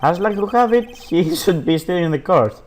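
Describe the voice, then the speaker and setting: A man voicing a composed, formal prosecutor from a game, measured in his delivery. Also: high-pitched, lively intonation, a little mellow, a little hiss or hum. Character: cool, composed male prosecutor. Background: background game music.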